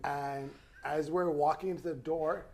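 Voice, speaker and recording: Gravelly laid-back man in his thirties. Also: a little high, steady tone, unhurried, darkish tone. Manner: laid-back storyteller, frequent laughs and swearing. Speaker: podcast host. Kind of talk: casual chat.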